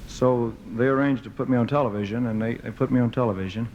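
Between songs, a man in his thirties from Memphis banters with the live crowd in a Southern accent, speaking fast with fairly even intonation in a slightly mellow mid-range voice. His stage stories ramble and poke fun at himself, packed with fillers and false starts, and the lo-fi recording carries a slight hiss or hum.

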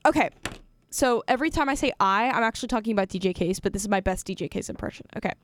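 A woman's voice: mid-range voice, animated, fast, dry recording. A young woman hosting a college radio show, chatty and giggly, correcting herself as she goes. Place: radio studio.

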